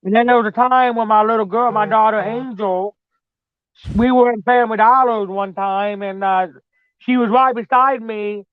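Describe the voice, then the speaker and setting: A woman's voice: on the high side, steady tone, normal speed, clear, resonant tone, no room sound, phone-quality sound. A mother chatting casually about her children, rambling, swearing freely and often tossing in "man". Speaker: mother telling personal stories. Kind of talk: casual storytelling chat.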